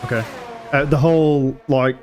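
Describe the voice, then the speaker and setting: A man's voice: mid-range voice, steady tone, moderate pace, darkish tone, faint music behind. A man commentating a sim racing league live in a casual, chatty way, often laughing and apologising.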